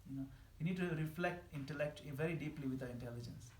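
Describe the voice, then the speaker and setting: A man giving a scripture class in a temple hall, animated and emphatic, laughing at his own examples. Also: fairly high pitch, fast talker, a little hiss or hum. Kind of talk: scripture class lecture answering questions. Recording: echoey hall with faint ambience.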